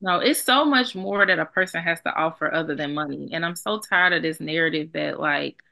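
A woman's voice: low-pitched, a little fast, gravelly, pushed and bright. A young adult woman co-hosting a podcast, talking bluntly and emphatically with plenty of profanity. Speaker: podcast co-host. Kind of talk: casual podcast chat.

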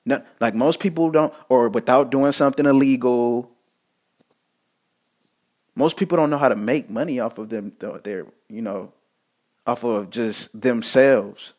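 A man's voice: mid-range voice, measured pace, a little mellow. A man talking straight to the camera in a casual motivational monologue, repeating himself and restarting phrases as he preaches to his listeners. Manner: repetitive, stumbling restarts, preachy asides.

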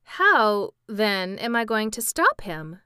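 A woman reading out the lines of an excitable young boy in a storybook, exclaiming loudly. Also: medium pitch, slow pace, smooth, dry recording, studio quality, full character voice. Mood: shouting.

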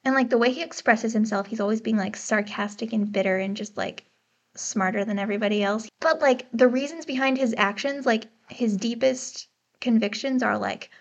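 A chatty American woman talks casually about a book, laughing often and fumbling good-naturedly over tricky pronunciations. Her voice sits fairly high. The recording is dull and lo-fi, as from a cheap podcast mic. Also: normal speed.

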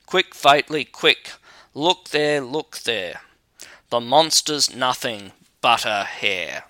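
A man's voice: medium pitch, expressive, slow, bright, forceful tone, no echo. A man doing a grave, timid old-tale leader. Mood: relieved. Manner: solemn rhyming declarations. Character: timid grave leader of seven Swabians, middle-aged man.

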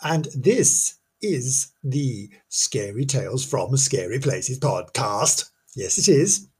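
A man's voice: medium pitch, very animated, slow pace, breathy edge. A man hosting a ghost-story podcast in a chatty, self-mocking way, often stumbling over and repeating his words. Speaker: podcast host.

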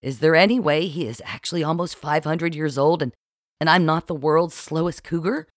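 A defensive, tipsy middle-aged woman in love pleads with a friend, her lines halting and unsure, as a man reads her in an audiobook. Her voice sits a little above his own, in a dry, close recording with no room sound. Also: fairly high pitch, dry recording, voice pushed up, lightly acted. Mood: pleading. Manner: hesitant, defensive. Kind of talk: audiobook character voice.

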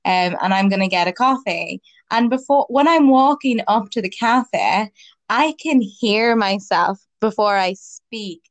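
A woman hosting a podcast in casual chat, bubbly and chatty, with a loud voice. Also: mid-range voice, measured pace, no echo. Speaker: podcast host.

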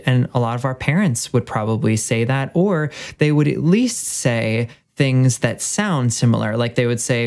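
Man, gravelly fry, mid pitch, casual chat, retells conversations. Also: expressive, moderate pace, hardly any pauses, darkish tone. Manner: storytelling, retells conversations in quotes.

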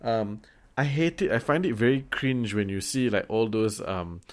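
A man's voice: lowish voice, normal speed. A man from Singapore with a Singaporean English accent, giving frank, opinionated views in a casual chat and swearing now and then.

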